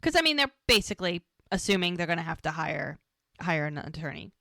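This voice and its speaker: A woman's voice: fairly low pitch, big pitch swings, vocal fry, sharp tone, dry recording. Chatty woman retelling TV scenes. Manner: retells scenes, acting out the lines in quick quotes. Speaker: podcast co-host. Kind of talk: casual episode recap.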